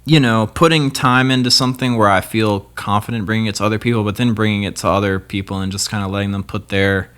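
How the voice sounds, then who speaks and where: A man's voice: lowish voice, fairly even intonation, fast talker, hardly any pauses, a bit bright, clean tone. A young man, a guest guitarist, talking in a laid-back, rambling way with many fillers. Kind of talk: casual chat.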